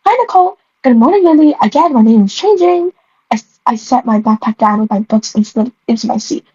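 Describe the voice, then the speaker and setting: In a dull, dry lo-fi clip, a creator reads her old writing aloud, tripping over lines, cracking jokes at her own expense, and bursting into giggles. She's young, with a fairly high, darkish, breathy voice, and she speaks animatedly at a fairly quick clip.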